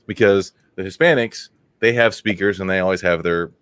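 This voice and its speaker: Low-voiced man rambling through crude stories. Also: fairly quick, fairly bright tone, clear, resonant tone, no echo. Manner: rambling, crude storytelling with laughs. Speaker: podcast co-host. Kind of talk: casual podcast chat.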